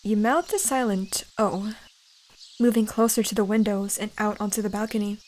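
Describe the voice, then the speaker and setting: A woman gently reading a second-person fantasy story aloud in a whispered role-play. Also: medium pitch, steady tone, brisk. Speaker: fanfiction reader.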